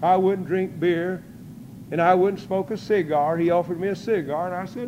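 An older man preaching a testimony sermon in folksy storytelling style, breaking into loud praise. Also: high voice, steady tone, moderate pace, highs cut off, background noise.

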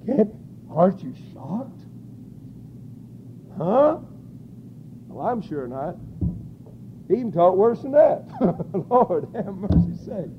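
A man preaching a sermon, crying out scripture at full force and then dropping to quiet, low asides. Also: big pitch swings, slow pace, long pauses, muffled recording, slight background noise.

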